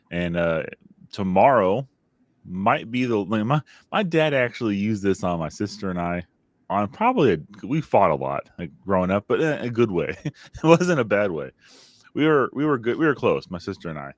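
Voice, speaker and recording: A man co-hosting a parenting podcast from a faith angle speaks in an earnest, reflective way, often turning to the listener with questions. His voice sits fairly low. The sound is dry and close, with no room echo. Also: very animated, normal speed. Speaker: podcast co-host. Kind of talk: casual faith-based parenting chat.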